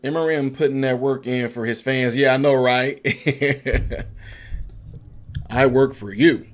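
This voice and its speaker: A man's voice: mid-range voice, steady tone, moderate pace. A man hosting a casual political livestream, chatting loosely and answering viewer comments. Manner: chatty, laughs often, coos at his dog in a soft baby-talk voice.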